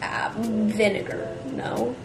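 A woman's voice: mid-range voice, little pitch movement, slow pace, creaky, echoey room, background noise. A young woman vlogger chatting playfully over a home dinner. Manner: playful, giggly, food-loving. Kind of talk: casual chat over dinner.

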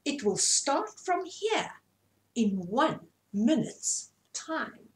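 A woman voicing a proud male peacock in a storybook, announcing slowly and grandly. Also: high voice, sing-song, pitched above the performer's own voice, heavily acted.

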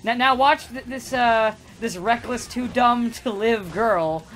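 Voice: mid-range voice, takes it slowly, fairly bright tone, soft background music. A person in casual chat among friends, swearing freely and laughing often.

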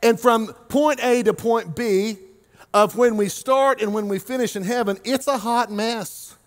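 A man from Oklahoma, the lead pastor, preaching a sermon with jokes and lively swings between loud and quiet. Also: very high voice. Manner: animated, joking, swings between loud and quiet, drawn-out emphasis.

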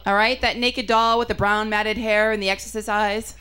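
A young woman performing a stand-up comedy set, chatty and self-mocking, with punchy delivery and quick asides. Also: mid-range voice, level tone, pushed and bright.

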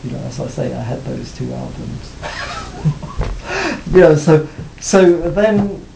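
A man being interviewed about his music career, talking reflectively with many pauses and restarts. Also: animated, creaky. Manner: hesitant, many restarts and "you know". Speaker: interviewee, former band cellist. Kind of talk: reflective casual interview talk. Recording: roomy, faint rumble.

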